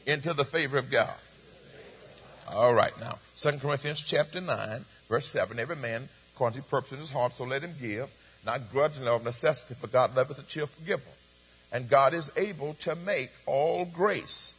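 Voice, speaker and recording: Preacher with a husky voice. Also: male voice, on the high side, moderate pace, a bit bright. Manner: preaching with call-and-response, repeats phrases, reads scripture aloud. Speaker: pastor. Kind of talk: sermon. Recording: long hall reverb.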